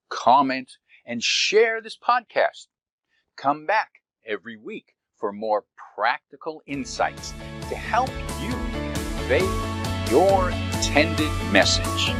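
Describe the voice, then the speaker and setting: A man's voice: fairly high pitch, sing-song, slow, fairly bright tone. A man hosting a podcast who reads the show's outro in an announcer-like way. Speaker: podcast host. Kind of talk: recorded show outro. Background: faint music.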